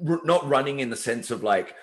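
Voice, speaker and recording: A man co-hosting a podcast, casually recapping fight action in animated storytelling with swearing and acted-out lines. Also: medium pitch, a little fast. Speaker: podcast co-host.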